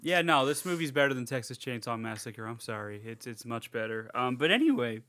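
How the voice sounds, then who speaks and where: There's a little hiss or hum as a man with a medium-pitched voice talks fairly quickly. He's a podcast co-host casually reviewing a horror movie, animated and profane, acting out scenes in funny voices.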